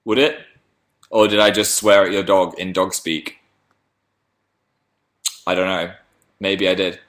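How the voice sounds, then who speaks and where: A man's voice: low-pitched, level tone, measured pace, fairly bright tone. A man hosting a casual livestream, reading viewer messages aloud and rambling in a chatty, self-deprecating way. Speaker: livestream host.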